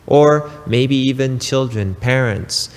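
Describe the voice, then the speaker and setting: A man giving a spiritual talk, preaching slowly and emphatically with pauses and casual asides. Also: mid-range voice, long reverb tail. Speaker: spiritual teacher.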